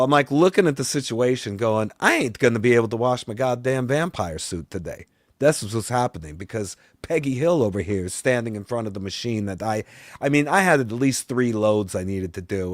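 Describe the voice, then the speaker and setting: A man with a medium-pitched, natural voice and lively intonation speaks at normal speed in a studio-quality recording with no echo. Playing a boastful vampire talk-show host, he delivers a comedic, ranting story that rambles, sounds exasperated and includes swearing, his voice often climbing and getting loud.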